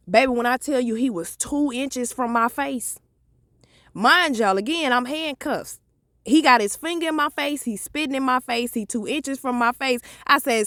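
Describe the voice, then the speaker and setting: A woman, telling a profane, animated story in a vlog. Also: fairly high pitch, moderate pace, dry recording, studio quality. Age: 30s. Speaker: vlogger.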